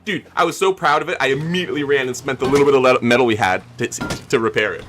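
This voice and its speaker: Male game streamer, casual live chat, talkative, laughs easily, mid-pitched voice. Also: fast talker, fairly bright tone. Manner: chatty, laughing, thanks viewers as he plays.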